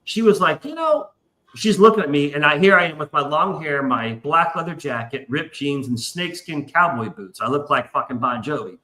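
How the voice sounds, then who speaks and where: A man's voice: on the high side, animated, normal speed, sharp tone, echoey room, poor audio. A man hosting a live stream, telling a story in a loose, profane way and acting out other people's lines. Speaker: podcast host. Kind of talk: casual storytelling chat.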